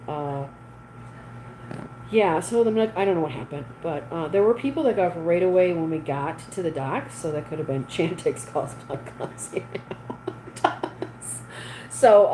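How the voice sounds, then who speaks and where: A woman with a somewhat low, slightly mellow voice hosts a casual livestream, talking with her viewers and reading their comments out loud. The recording is rough, with a bit of background noise.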